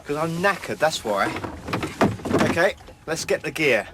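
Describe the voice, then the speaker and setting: A man's voice: fairly high pitch, sing-song, measured pace, very noisy. A man presenting a comic documentary with a dry, bumbling manner. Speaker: comedy presenter.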